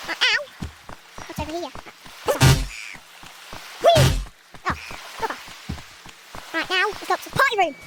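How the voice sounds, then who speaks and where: A woman's voice: very high-pitched, very noisy. A woman giving cheeky, rowdy commentary over her VR gameplay, swearing freely. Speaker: gaming vlogger. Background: loud game music.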